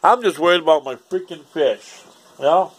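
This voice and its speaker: A man's voice: a little high, animated, moderate pace, breathy edge. A man, ranting casually and profanely in a rambling home vlog. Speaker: vlogger.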